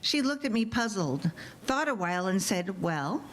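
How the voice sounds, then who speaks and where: A mother in her forties reading her humorous personal essay to a live audience, with wry, lively comic storytelling. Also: mid-range voice, moderate pace, a little hiss or hum, poor audio.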